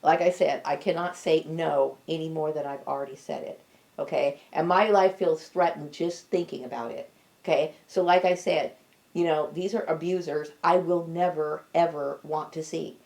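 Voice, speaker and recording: Defiant middle-aged woman, low gravelly voice with fry, hammers each point home. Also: fairly even intonation, normal speed, darkish tone. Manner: emphatic, repeats "okay?" for stress; blunt and defiant. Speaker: vlogger. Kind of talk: personal monologue to camera.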